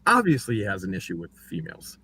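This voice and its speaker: On a casual livestream, a man talks fast about his own court case while a crowd murmurs in the background. He's animated, acting out what other people said with big jumps in pitch.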